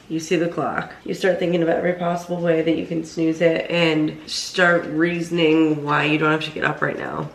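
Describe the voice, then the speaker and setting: A woman's voice: sits low, echoey room. A young woman vlogging her morning in casual chat, laughing often and filling her talk with "like" and "you know". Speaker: lifestyle vlogger. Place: home with a workout space, indoors.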